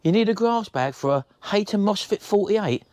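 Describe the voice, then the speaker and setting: A man's voice: high-pitched, expressive, normal speed, a little mellow, no room sound. A man on a comic phone call, cheerful and teasing.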